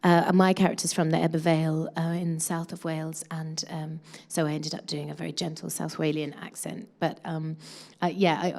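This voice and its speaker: A woman's voice: lowish voice, a little mellow. A woman in her thirties, an actress chatting casually in a press interview, with many fillers and restarts.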